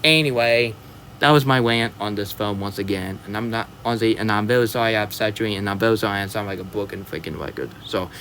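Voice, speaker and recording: A man's voice: on the low side, fast, a bit bright, a little hiss or hum. A man delivering a rambling, ranting movie review vlog, repeating himself and often apologizing. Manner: exaggerated whooping yee-haw sign-off.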